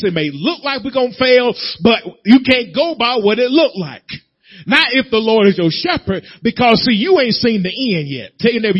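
A man's voice: very high-pitched, husky, dull audio. A man preaching a sermon, building rhythmic repeated phrases and calling out to the congregation. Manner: rhythmic, repetitive call-and-response preaching.

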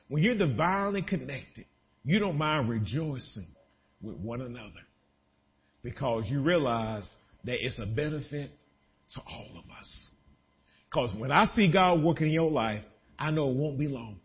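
A man preaching a sermon as pastor, animated, breaking into shouts of joy. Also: on the high side, normal speed, pauses often, lo-fi sound.

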